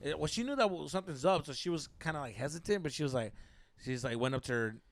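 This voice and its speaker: Animated young man telling a profane story. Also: fairly high pitch, quick pace. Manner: mixes Spanish slang into English. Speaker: podcast co-host. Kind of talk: casual storytelling chat.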